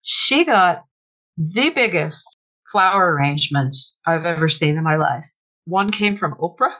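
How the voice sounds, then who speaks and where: A woman author telling stories from her research in an animated conversational way, with sudden bursts of laughter. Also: lowish voice, unhurried, poor audio. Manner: animated, breaks into shrieks and laughter when retelling. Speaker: author guest. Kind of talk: conversational storytelling.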